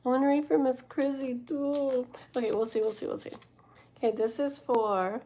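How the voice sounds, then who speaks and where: A woman with a fairly high voice hosts a tarot livestream late at night. She talks casually and rambles to her chat, full of fillers and restarts, and sounds worn out. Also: fairly even intonation, moderate pace, dark tone. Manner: chatty and rambling, talking to viewers in chat, many fillers and self-corrections. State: tired and yawning. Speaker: tarot reader hosting a livestream.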